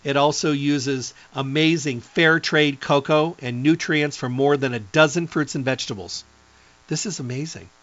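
A middle-aged man giving an enthusiastic, rambling product pitch as a nutrition presenter, reeling off long lists. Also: normal speed, a bit bright, dull audio.

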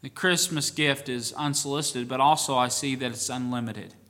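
A man preaching a sermon as pastor, swinging between quiet asides and rising bursts of emphasis. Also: medium pitch, steady tone, normal speed, in a large hall.

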